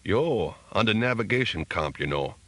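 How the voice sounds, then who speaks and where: A man's voice: on the low side, expressive, normal speed, a bit bright, dry recording. A man voicing a laid-back tugboat pilot who talks in easygoing slang.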